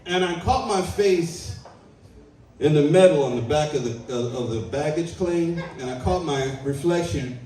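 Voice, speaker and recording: A man's voice: fairly high pitch, a little slow, dark tone, recorded from a distance. A man from Trinidad and Tobago doing a live stand-up set in a comedy club, with brash, profane, punchy delivery. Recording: very echoey live room, off mic.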